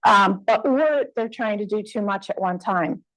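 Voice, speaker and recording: A woman's voice: medium pitch, unhurried, a bit bright, poor audio. A woman presenter answering audience questions at a conference in a conversational way, with fillers and restarts. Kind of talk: Q&A after a talk. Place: conference room.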